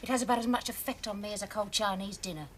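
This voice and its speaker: An actress playing a brisk, dry-witted woman police detective and mother in a TV drama. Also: mid-range voice, fairly even intonation, background noise, close to an everyday voice. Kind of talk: 1980s TV police drama acting. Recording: TV soundtrack with music behind.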